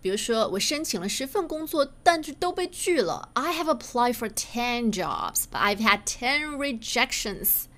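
A woman teaching English through sitcom clips, explaining clearly and reading English examples slowly. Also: fairly high pitch, very animated, fairly bright tone.

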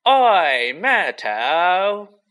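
A mischievous poltergeist with a sly, slow teasing drawl and a raised voice, as a man puts him on in a storybook reading. The tone is bright and swoops up and down. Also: sits high, sing-song, pitched above the performer's own voice, full character voice. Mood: bellowing.

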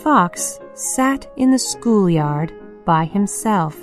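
A woman reading a children's storybook aloud, slow and expressive. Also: medium pitch. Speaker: storybook reader. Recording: faint piano music behind.

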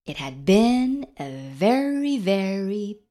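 A woman's voice: medium pitch, slow, faint music behind. A woman reading a children's picture book aloud in a playful, sing-song way. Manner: lively, sing-song read-aloud voice, playful animal sounds. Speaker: storybook reader.

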